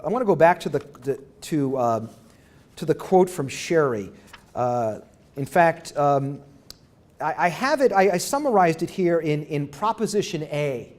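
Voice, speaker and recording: A male professor giving a lecture in a conversational, halting way, with frequent restarts and rhetorical questions to the audience. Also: fairly high pitch, darkish tone. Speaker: university professor, guest lecturer. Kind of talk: academic lecture.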